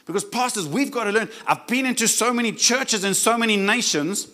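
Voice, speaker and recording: A male preacher with a high, ringing voice and a bright, forceful edge. He preaches with emphasis and often pauses to get the congregation to say key words back to him. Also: animated. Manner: emphatic, asks the crowd to repeat words. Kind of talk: sermon.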